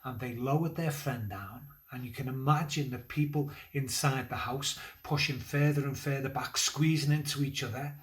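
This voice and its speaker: A man narrates a Bible story for a children's school assembly. His voice sits at an ordinary middle pitch, and he speaks in an easy, conversational way with pauses and small fillers. He also lifts into livelier moments as the story builds. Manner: lively, building energy toward the climax of the story. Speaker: church children's leader.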